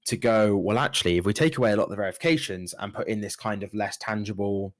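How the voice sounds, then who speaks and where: A man co-hosting a gaming podcast, explaining points in a measured, casual way. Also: lowish voice. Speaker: podcast co-host.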